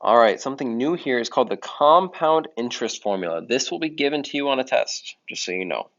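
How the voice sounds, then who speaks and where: Male math teacher, low gravelly voice, relaxed self-correcting explainer, muffled recording. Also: a little fast. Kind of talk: recorded classroom lesson. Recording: dull lo-fi audio.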